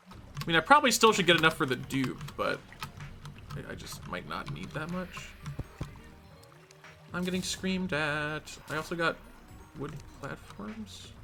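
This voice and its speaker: A man's voice: high-pitched, expressive, normal speed, long pauses, pushed and bright, soft background music. A man streaming a game live, thinking aloud in a chatty, self-deprecating way. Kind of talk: live-streamed gameplay commentary.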